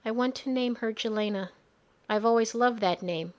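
A woman voicing a dying young mother who speaks weakly and softly. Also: on the high side, moderate pace, close to an everyday voice. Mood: weak, pleading. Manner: weak, hushed.

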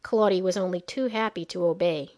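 A woman narrating a fantasy story in a measured storytelling manner. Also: fairly low pitch, a little mellow.

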